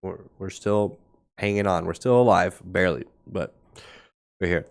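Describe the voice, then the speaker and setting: Low-voiced and speaking at a moderate pace with vocal fry, this blunt, sarcastic man hosts a crypto market show. In casual livestream commentary he thinks aloud over the charts, coughing now and then.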